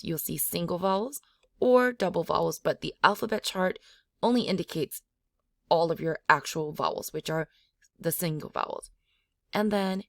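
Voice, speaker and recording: A woman giving a pronunciation lesson, sounding out syllables slowly and repeating them. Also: fairly low pitch, vocal fry, no room sound, studio quality. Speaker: language teacher.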